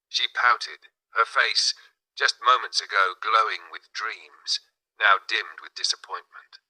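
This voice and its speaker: A man reading an allegorical novel aloud in measured, dramatic narration. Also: lowish voice, sharp tone, poor audio. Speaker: audiobook narrator. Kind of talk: scripted narration.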